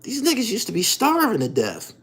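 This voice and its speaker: A man hosts his own channel in a loose, profane monologue full of street slang. His voice is very animated, with pitch leaping high and low as he swings between low mutters and loud emphatic outbursts. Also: fairly quick, husky. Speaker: channel host.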